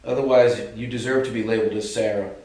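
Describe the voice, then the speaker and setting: A man with a Boston accent, a paranormal investigator calmly coaxing an unseen spirit to talk, in an old building. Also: medium pitch, fast. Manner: calm, coaxing, earnest, addressing an unseen presence. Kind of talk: calling out to a spirit in a ghost hunt. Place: old building at night, indoors. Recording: very echoey room, distant mic, faint hiss.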